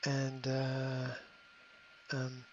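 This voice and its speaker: A middle-aged man hosting a podcast, giving a motivational monologue in a halting way, repeating words and filling pauses with ums. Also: mid-range voice, monotone, slight background noise. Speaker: podcast host. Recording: slightly dull lo-fi audio.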